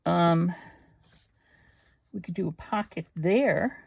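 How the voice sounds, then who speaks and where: An older woman hosts a craft channel, chatting casually and rambling to herself as she works. Her voice sits on the low side, slow, gravelly and husky, with no echo and the highs cut off.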